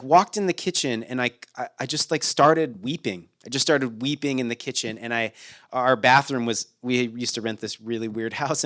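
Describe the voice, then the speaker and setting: A man's voice: mid-range voice, a bit bright. A man in his thirties co-hosting a casual podcast chat, reflective and rambling with many restarts. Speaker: podcast co-host.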